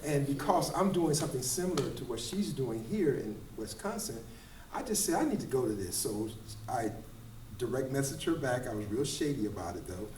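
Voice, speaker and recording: A middle-aged man, a dance choreographer, telling stories in a casual interview at a fitness camp event, animated and circling back with repeated words. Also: mid-range voice, normal speed. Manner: animated, rambling storyteller with repeated "and, and". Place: large room at a kids fitness camp event. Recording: roomy echo, distant mic, faint ambience.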